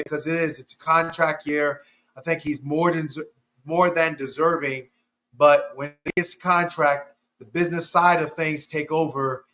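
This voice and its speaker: A man co-hosting a casual sports podcast, breaking down an injury in a measured, methodical way, laying out his points one by one. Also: a little high, bright, forceful tone. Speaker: podcast co-host, injury analyst.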